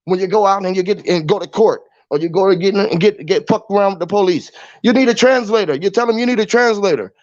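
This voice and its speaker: A podcast host rattles off a rambling monologue of profane wordplay, spelling words letter by letter. His high voice runs fast with few pauses, recorded dry and echo-free in dull lo-fi.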